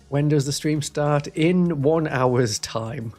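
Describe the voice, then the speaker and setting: A man from Northeast England, softening his accent, hosts a Warhammer live stream and chats drily and at length with viewers. Through the studio mic, his voice sounds fairly high with a darkish color.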